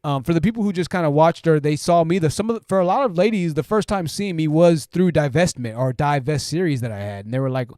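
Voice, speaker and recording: A man's voice: on the high side, fast talker, few pauses, darkish tone, dry recording, studio quality. A man hosting a livestream, reading viewer comments aloud and chatting about them, often tagging sentences with "right?" and restarting his phrases. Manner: conversational, keeps asking "right?"; self-interrupting restarts, repeats phrases. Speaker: livestream host.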